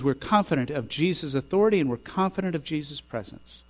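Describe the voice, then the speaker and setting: Preaching man, booming builds over hum. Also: expressive, fairly quick, dull audio. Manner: builds to loud emphatic peaks, drops quiet on endings. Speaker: pastor. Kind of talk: sermon.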